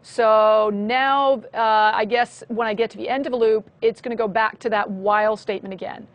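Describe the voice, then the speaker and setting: A woman's voice: a little high, fairly even intonation, normal speed. A woman co-hosting a programming lesson on a live stream, explaining code steadily, one step at a time. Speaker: co-host, programming instructor.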